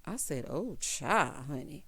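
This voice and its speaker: Female recap host, sassy, lively pitch, chatty. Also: slow, breathy edge. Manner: sassy, animated, calls listeners honey and child. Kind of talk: casual recap commentary.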